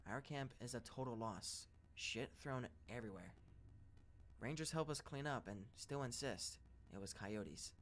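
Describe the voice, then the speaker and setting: A man narrating first-person scary stories in a steady, even read-aloud delivery. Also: mid-range voice, a little slow, slight background noise. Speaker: story narrator.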